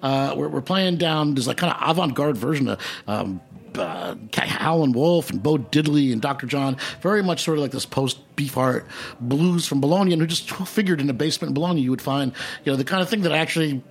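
A man's voice: a little high, creaky, breathy edge. A man hosting a radio show, telling travel stories in casual, joking chat. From New York. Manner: animated storyteller, fast, joking. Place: radio studio.

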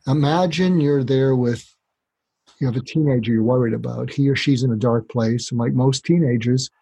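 A man speaking as a doctor guest on a podcast interview, explaining calmly and acting out short exchanges to demonstrate. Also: medium pitch, moderate pace, gravelly, husky, low-quality recording. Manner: calm, explanatory, demonstrates dialogue.

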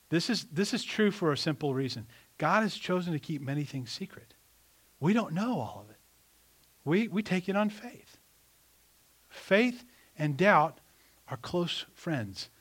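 A man preaching a sermon in an animated, conversational way, asking the congregation rhetorical questions. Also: a little high, husky. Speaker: pastor.

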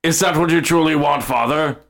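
A man's voice: a little high, brisk, a bit bright, voice pushed up, close to an everyday voice. A man voicing a small, eager male wooden woodland spirit who asks earnest, innocent questions.

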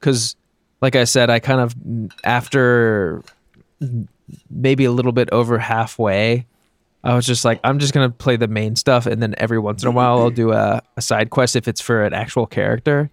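A man with a gravelly, middle-pitched voice chats in a loose, rambling way. His podcast talk is casual and unhurried. The recording is dry and close. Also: fairly even intonation, no room sound. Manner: laid-back, rambling gamer talk. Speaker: podcast co-host. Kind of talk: casual chat.

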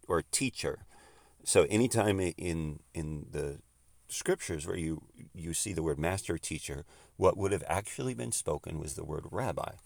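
A man preaching a sermon, swinging between emphatic outbursts and hushed, quiet stretches. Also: deep voice, gravelly, no echo, clean studio sound.

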